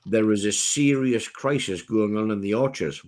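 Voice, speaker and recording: A man's voice: on the low side, moderate pace, darkish tone. Teasing man on a stream. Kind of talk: casual banter on a live stream.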